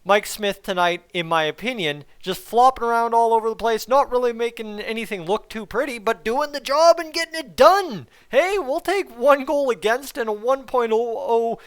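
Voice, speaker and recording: A middle-aged man hosting a hockey post-game review, talking in excitable, sarcastic, animated rants. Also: extremely high pitch, normal speed, hardly any pauses, clear, resonant tone. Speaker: hockey vlogger.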